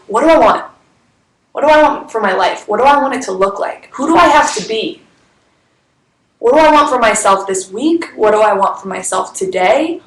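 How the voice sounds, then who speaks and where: A bubbly woman who runs a wellness business chats casually on a livestream, peppering her talk with "like" and laughing often. Her voice sits a little high. She is recorded in an echoey room. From Chicago. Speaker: wellness business owner sharing a story.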